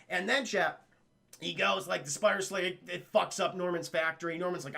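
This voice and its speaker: Bright, gravelly man in a casual recap. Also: sits high, fairly quick. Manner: rambling, profane, keeps addressing the chat. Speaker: livestream cartoon reviewer. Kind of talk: casual spoiler recap to a live chat.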